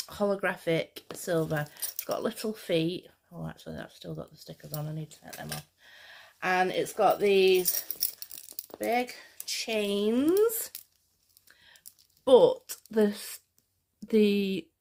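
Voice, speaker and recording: A woman vlogger talking casually, telling a rambling, excitable story. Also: medium pitch, a little hiss or hum. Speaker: fashion vlogger. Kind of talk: casual chat.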